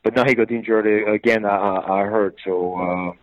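A man's voice: on the low side, fairly even intonation, brisk, no echo, muffled recording. A man chatting casually about football, hesitant, with many fillers and restarts. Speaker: football pundit. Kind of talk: casual sports chat.

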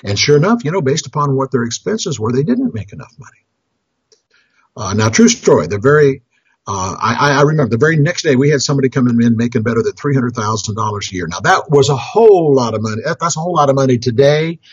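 A man's voice: mid-range voice, expressive, fast, slightly rough, no room sound, highs cut off. A man who works as a financial counselor tells true-life stories about budgeting in a loose, rambling way, restarting phrases and chuckling at his own anecdotes. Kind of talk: storytelling talk on budgeting.

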